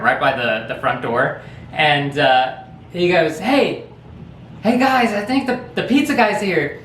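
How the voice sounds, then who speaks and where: A man tells a funny story casually, rambling and chuckling as he goes. His voice sits at a middle pitch. It sounds like an echoey room with faint background noise. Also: fairly bright tone. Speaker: vlog host.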